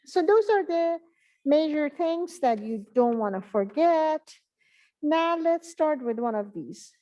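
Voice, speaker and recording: A woman with a slightly high voice leads a math review session for her class online. She speaks slowly and haltingly, stopping often with fillers as she works through each point aloud. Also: expressive, dark tone, highs cut off. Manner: halting, thinking aloud with many pauses and fillers. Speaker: math instructor. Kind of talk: exam review lecture.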